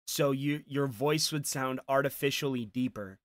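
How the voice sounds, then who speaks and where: A man's voice: medium pitch, normal speed, no room sound. A man giving crude, sarcastic reaction commentary over a stream clip.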